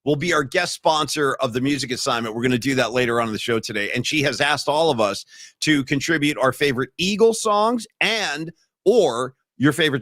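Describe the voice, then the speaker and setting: Man, podcast co-host, bright tone, dry recording, casual self-deprecating chat. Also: medium pitch, no echo. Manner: self-deprecating, rambling with restarts. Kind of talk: casual live-stream chat.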